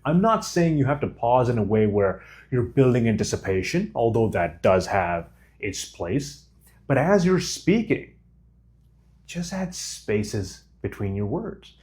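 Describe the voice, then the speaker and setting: A man teaching how to speak clearly, talking deliberately with small pauses between his phrases. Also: on the high side, a little mellow. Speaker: communication coach. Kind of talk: instructional monologue to camera.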